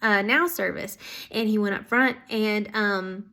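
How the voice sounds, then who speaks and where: A woman telling stories of answered prayer to her viewers, casual and excited, with lots of "um"s and "like"s. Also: medium pitch, a little slow. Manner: excited, filler-heavy, many "like"s and "um"s. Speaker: ministry school student. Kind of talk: casual testimony storytelling.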